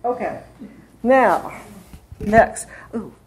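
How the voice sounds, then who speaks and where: A woman's voice: fairly high pitch, expressive, drawn-out words. A woman lectures an adult class in a church classroom, chatty and full of asides. The sound is roomy, as if the mic picked up the whole classroom. A faint hiss sits behind her.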